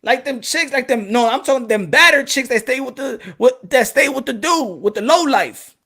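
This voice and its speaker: A young man rants about boxing in a loose, profane monologue, laughing and acting out voices as he goes. His voice sits high for a man. It has a bright, forceful edge. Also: moderate pace. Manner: animated, profane, laughs often, acts out quotes. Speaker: boxing commentator. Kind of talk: casual monologue.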